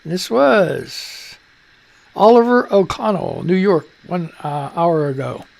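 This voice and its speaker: A man's voice: sits high, lively intonation, slow pace, creaky. A man hosting a live radio and stream show, rambling loosely and jokily through news headlines, muttering to himself between reads. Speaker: radio and livestream host.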